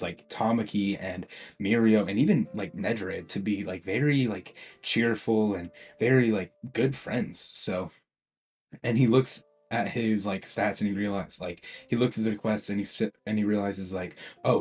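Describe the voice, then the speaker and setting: A young man casually narrating a fan-made story, excitable and slangy, full of fillers. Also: on the low side, husky. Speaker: YouTube storyteller. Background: faint background music.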